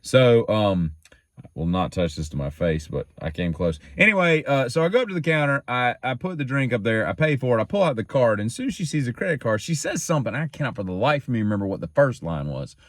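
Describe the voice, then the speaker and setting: A man's voice: medium pitch, animated, fast talker, no echo, studio quality. A man hosting his own daily show, telling rambling stories in a casual, joking, self-teasing way that wanders off topic.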